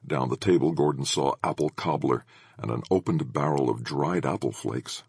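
A man narrating an audiobook with expressive storytelling. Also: rumbling low, moderate pace, gravelly, husky, no echo.

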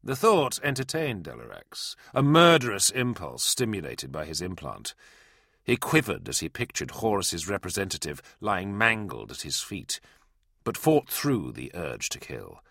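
A man narrating a science-fiction audiobook in a dramatic, expressive storytelling manner. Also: low-pitched, a little slow, vocal fry, dry recording, clean studio sound. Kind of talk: scripted narration.

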